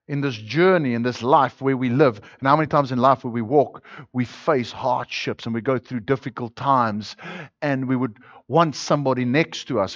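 A male pastor preaching a sermon, swinging between loud, emphatic declarations and quiet, intimate passages. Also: medium pitch, no echo. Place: church. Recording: dull, dry lo-fi sermon recording.

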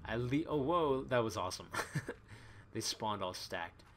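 A man doing excitable, chatty commentary as he plays a video game, thinking aloud and exclaiming often. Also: medium pitch, measured pace, a little hiss or hum. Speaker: let's play gamer. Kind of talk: live gaming commentary. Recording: voice over loud game music. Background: game music.

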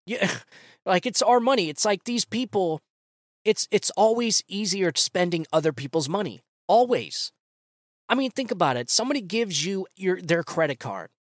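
A man's voice: sits high, no echo, clean studio sound. A man hosting a political commentary podcast, ranting in a sarcastic, casual way with slang. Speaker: podcast host.

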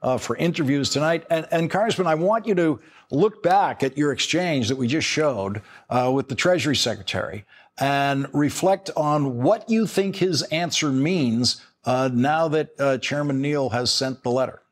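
Male cable news host. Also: on the high side. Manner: measured, explanatory, with frequent restarts in questions. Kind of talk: cable news monologue and interview.

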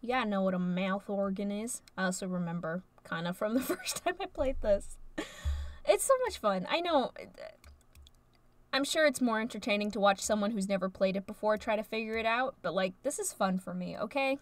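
A woman's voice: medium pitch, normal speed, no echo. Chatty young American woman streamer. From United States. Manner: rambling, chatty, frequent fillers. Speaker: game streamer. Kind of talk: casual live-stream chat.

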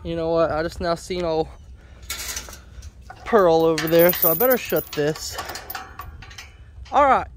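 A man's voice: on the high side, unhurried, long pauses, slight background noise. Upbeat joking man vlogging a farm. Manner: upbeat, joking, repeats words for emphasis. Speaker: homestead vlogger. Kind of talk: casual farm vlog.

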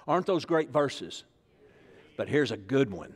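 A man's voice: mid-range voice, expressive, unhurried. A man from Arkansas, preaching a sermon as pastor in a folksy, joking style that calls on the congregation to repeat after him. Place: church sanctuary. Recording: echoey church hall.

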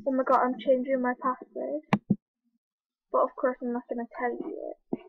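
High-voiced jittery woman, tinny recording. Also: monotone, normal speed, vocal fry, dry recording. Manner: rambling and jittery, gasping exclamations. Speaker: video creator. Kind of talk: casual screen-recording commentary. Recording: tinny phone-like dry recording.

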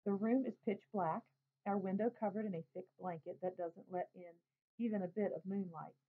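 A woman reading a novel aloud in a plain, unhurried way. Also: medium pitch, fairly even intonation. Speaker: reader. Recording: tinny phone-like sound.

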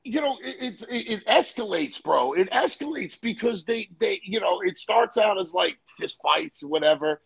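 A man's voice: high-pitched, big pitch swings, normal speed, vocal fry, hardly any pauses, fairly bright tone, slightly rough. A man telling a profane, rambling story in casual chat. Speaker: storyteller guest. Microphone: live stream call.

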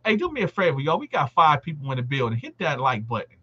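Bright-voiced man telling a prison story. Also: a little high, fast talker, slightly rough, muffled recording. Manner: animated, acts out other inmates' quoted lines. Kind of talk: casual storytelling to a live audience.

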